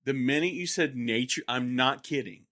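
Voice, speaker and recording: Oklahoman male co-host, animated and joking, dry close sound. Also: mid-range voice, moderate pace, no room sound. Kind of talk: casual banter.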